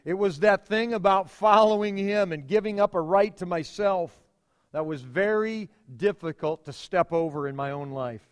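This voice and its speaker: A middle-aged male pastor preaching a sermon, emphatic, with dramatic pauses and repeated phrases. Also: sits high, smooth, big-room sound.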